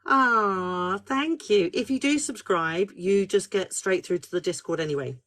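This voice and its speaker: A woman hosting a casual live stream as a spiritual counsellor, chatty and animated, swearing freely as she talks. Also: medium pitch, measured pace.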